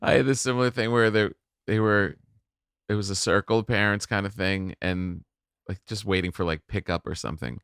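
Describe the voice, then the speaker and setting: A man's voice: lowish voice, steady tone, a little fast, a bit bright, clear, resonant tone, no room sound, clean studio sound. A middle-aged man, a comedian on a podcast, chatting casually and laughing often.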